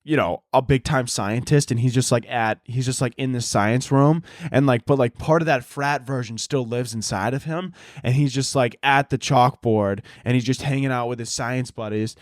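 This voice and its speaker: A man's voice: mid-range voice, moderate pace, hardly any pauses, no room sound, clean studio sound. A young man hosting a solo comedy podcast, ranting with lots of swearing. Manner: profane, animated ranting with mocking impressions. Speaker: podcast host.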